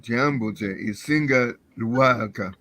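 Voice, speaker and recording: A man's voice: medium pitch, slow pace, fairly bright tone. Male student carefully repeating phrases. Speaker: language student. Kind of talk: practicing phrases in class.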